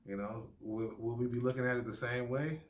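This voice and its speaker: A man's voice: mid-range voice, steady tone, a little fast. An American man in a casual discussion, talking in a rambling way with slang and fillers. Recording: echoey room with faint noise.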